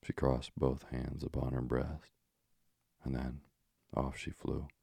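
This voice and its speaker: A man narrating a fairy tale in a slow, measured reading. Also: rumbling low, little pitch movement, vocal fry, mellow, slightly rough, dry recording, studio quality.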